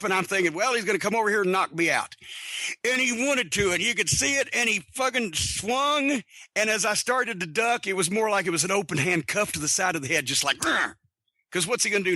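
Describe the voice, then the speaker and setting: High-voiced blunt profane man storyteller. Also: animated, fast talker, pushed and bright, dry recording. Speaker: podcast host. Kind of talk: casual storytelling monologue.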